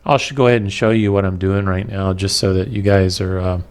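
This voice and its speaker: A man teaching a web development lecture over a screen capture, talking in a slow, halting way with many fillers and pauses while he has the hiccups. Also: low-pitched, steady tone, darkish tone, clear, resonant tone.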